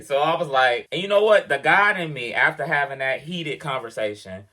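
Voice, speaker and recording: A man's voice: a little high, brisk, hardly any pauses. A man telling a casual, emphatic story about leaving his job, quoting conversations as he goes. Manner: animated, emphatic, quotes conversations in voices. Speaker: truck driver vlogger. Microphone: action camera mic. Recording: action camera.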